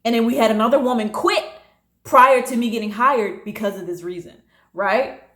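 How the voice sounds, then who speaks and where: A woman in her late twenties, casually telling a personal story, animated and acting out what others said. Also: normal speed. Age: late 20s. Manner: animated, acting out quotes with big pitch jumps. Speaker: storytime vlogger. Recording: echoey room.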